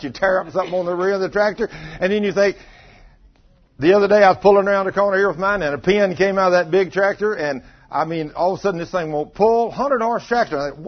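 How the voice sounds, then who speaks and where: Husky preacher telling folksy stories. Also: male voice, high voice. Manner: folksy storytelling, teasing the congregation. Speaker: pastor. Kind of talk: sermon. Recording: dull lo-fi sound.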